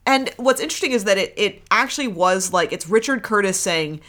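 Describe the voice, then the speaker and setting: A woman co-hosting a podcast in loose, rambling conversation. She often restarts her sentences. Her pitch rises and falls a lot, sitting at a middle height. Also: animated, fairly quick, fairly bright tone. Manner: rambling, with many restarts and fillers. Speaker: podcast co-host. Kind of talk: casual chat.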